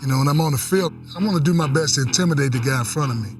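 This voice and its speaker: A man's voice: a little high, rapid-fire, distant mic, soft background music. A man speaking in an archival interview clip in an intense, matter-of-fact way.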